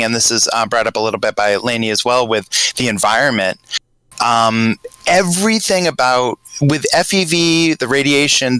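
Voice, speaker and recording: Man, Boston accent, casual podcast chat, rambling and hesitant, crisp bright tone, dry close sound. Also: mid-range voice, no room sound, poor audio. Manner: rambling, hesitant, grows animated telling a scenario. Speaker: podcast panelist.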